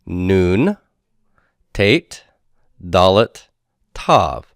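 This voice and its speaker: With a low, sing-song voice, a man teaches Hebrew grammar in a recorded lecture, going step by step, pronouncing words slowly, repeating them, and checking in often with "okay". He's a Biblical Hebrew instructor, captured in a dry, studio-quality recording.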